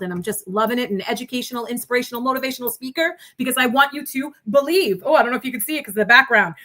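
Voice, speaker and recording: A woman's voice: a little high, sharp tone. A woman in her fifties with a New York accent, a guest on a video-call livestream, talking in an exuberant, jokey way. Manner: exuberant, jokey, talks in rhyming asides. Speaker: guest speaker. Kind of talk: animated livestream chat.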